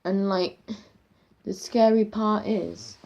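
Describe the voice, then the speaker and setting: A woman's voice: mid-range voice, steady tone, slow, creaky, darkish tone. A woman improvising a spooky story in a rambling, casual way, full of fillers and restarts, on a dull lo-fi home recording.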